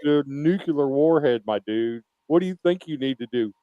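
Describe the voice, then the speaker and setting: A man's voice: fairly high pitch, expressive, normal speed, warm tone, lo-fi sound. A man in casual podcast chat who recalls a favorite scene in a laid-back way, swearing and laughing. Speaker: podcast co-host.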